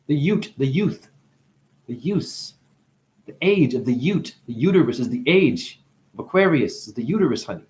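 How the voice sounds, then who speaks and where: Rambling man with a lively, swooping voice. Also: a little high. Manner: free-associating wordplay, swinging from hushed to sudden singsong crooning; profane, teasing. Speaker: spiritual talker. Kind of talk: rambling monologue.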